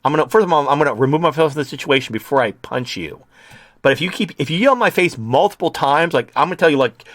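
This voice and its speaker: A man's voice: fairly high pitch, animated, quick pace, fairly bright tone, dry recording. Man ranting, crude and heated. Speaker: online commentator. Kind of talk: ranting commentary.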